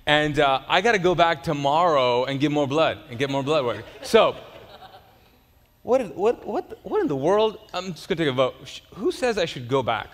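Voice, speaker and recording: A man's voice: fairly high pitch, normal speed. A male pastor preaching a sermon, telling a story with acted-out voices and joking with his congregation. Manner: animated storytelling, acts out voices in anecdotes. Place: large church hall. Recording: reverberant church hall.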